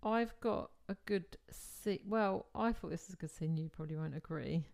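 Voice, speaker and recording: A woman's voice: lowish voice, normal speed, creaky, darkish tone. A woman co-hosting a podcast, chatting casually and laughing as she retells film scenes. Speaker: podcast co-host. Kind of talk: casual chat.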